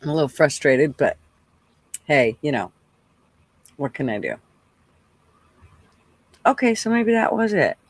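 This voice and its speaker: Brief: male stream host with casual wry commentary, slow and a bit high-voiced, dry room. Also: very animated, dry recording.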